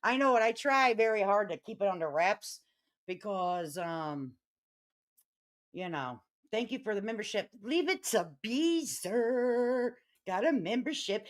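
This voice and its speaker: A middle-aged woman with a Chicago accent hosts a chatty live stream. Her delivery is brash and peppered with swearing, and she flares into loud, riled-up bursts. Her voice sits at an ordinary pitch for a woman. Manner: brash, profane, quick to get riled up and loud. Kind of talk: casual live-stream chat.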